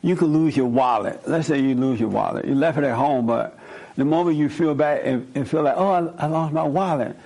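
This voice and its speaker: A man's voice: mid-range voice, a little fast, vocal fry, dark tone. A man giving an informal spoken sermon in a conversational way, repeating his points and often checking in with "right?". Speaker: preacher.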